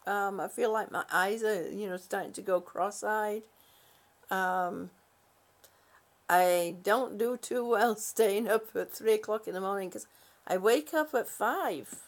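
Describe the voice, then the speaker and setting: A woman's voice: mid-range voice, a little slow. A worn-out, sleepy woman hosting a casual live stream, reading out viewer comments in a rambling, giggly way. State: exhausted, sleepy.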